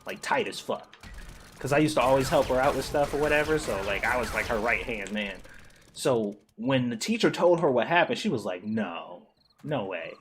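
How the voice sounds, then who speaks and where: A man streaming a co-op game, telling a school story in animated, profane casual chat with frequent laughs. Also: medium pitch, a little fast, slight background noise. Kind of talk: casual chat while gaming.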